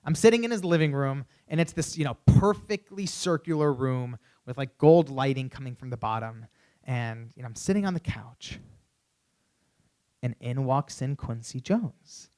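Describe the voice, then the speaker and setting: A young man giving a keynote on a conference stage, telling an animated story through a stage microphone, with many "you know"s. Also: medium pitch, moderate pace. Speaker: keynote speaker.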